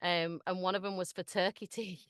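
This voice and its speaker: A woman's voice: fairly low pitch, level tone, a little fast, a bit bright, dry recording, studio quality. A woman with a Manchester accent, a voice actor guest chatting casually on a podcast and laughing often. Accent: Mancunian.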